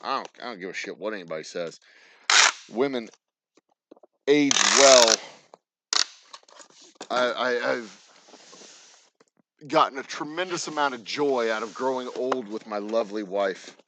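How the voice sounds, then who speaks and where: At a moderate pace and in an expressive mid-range voice, a man in his forties spins rambling personal anecdotes full of jokes and profanity. He runs a distillery and hosts a channel; the audio is noisy and has clicks.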